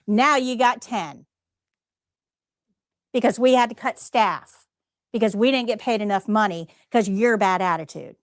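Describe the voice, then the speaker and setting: A woman's voice: fairly high pitch, dry recording, studio quality. A woman instructor leading a live nursing-assistant test prep class, emphatic and direct, often asking the students questions. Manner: emphatic, talks straight to students with rhetorical questions.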